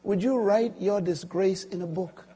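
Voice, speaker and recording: A man in his sixties preaching a sermon, swinging from quiet, intimate lines to loud, emphatic ones. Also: high voice, measured pace, slightly rough. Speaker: pastor.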